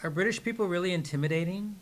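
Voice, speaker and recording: A woman hosting an interview, reacting quickly and encouragingly to her guest. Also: lowish voice. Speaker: host and interviewer. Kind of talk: casual interview chat.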